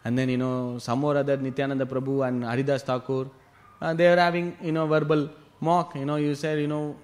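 A man at mid pitch leads a devotional class, retelling a scripture story. He keeps it lively and keeps checking that his listeners follow. His voice sits neither high nor low. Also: fairly quick. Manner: lively retelling, frequent "you know" and "huh?" asides.

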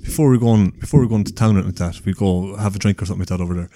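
A man's voice: sits low, very fast, mellow. A man co-hosting a podcast, talking in laid-back casual chat and swearing freely. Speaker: podcast co-host.

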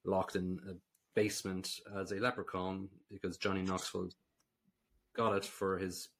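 A very low-voiced Irish man chats casually on a film podcast. He recaps scenes at length and gives blunt, dismissive verdicts. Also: level tone, normal speed, vocal fry, a bit bright. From Ireland. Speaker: podcast co-host. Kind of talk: casual film review chat.

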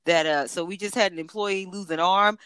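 A woman's voice: lowish voice, a little fast, clean tone, no room sound. A woman in casual chat, reacting with incredulous, emphatic remarks. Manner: expressive, incredulous, swooping emphasis.

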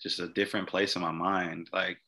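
A young man from Mississippi, a podcast guest telling a personal story in a halting way, often repeating words and restarting. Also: low-pitched, level tone, pushed and bright.

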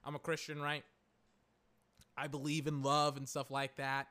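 A man chatting casually and excitably, rambling, swearing and exclaiming, his voice cracking. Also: a little high, normal speed. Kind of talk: casual chat.

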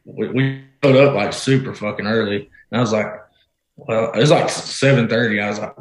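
A man's voice: on the low side, steady tone, a little fast, echoey room, rough recording. A man talking in a folksy, casual way, swearing as he tells stories. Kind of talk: casual chat.

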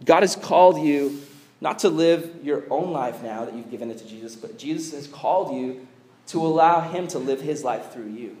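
A man preaching a youth sermon, animated and conversational, acting out the people he quotes. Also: a little high, moderate pace, rough recording. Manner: animated, acts out quoted voices; conversational with fillers like "like". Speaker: youth pastor.

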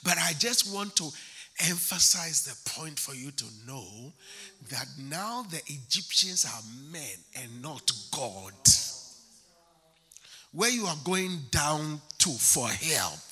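A man's voice: expressive, sharp tone, husky. A male pastor preaching a sermon, emphatic and repetitive, building to a fervent rise. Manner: emphatic, repeats phrases, slows and rises to a fervent pitch.

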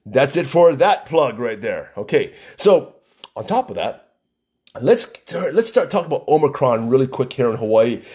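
A man hosts his own podcast alone, chatting loosely with plenty of "uh" and false starts. His pitch sits in an ordinary middle range, and the talk wanders from one point to the next. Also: darkish tone. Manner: rambling, chatty, frequent fillers and restarts. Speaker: podcast host. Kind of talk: casual solo podcast talk. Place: Hawaii.

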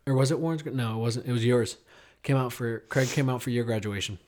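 A man chatting casually on a podcast, rambling through a story with many fillers and restarts. His voice sits in an ordinary middle pitch and drops quiet at heavy moments. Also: fast. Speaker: podcast co-host. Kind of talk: casual chat.

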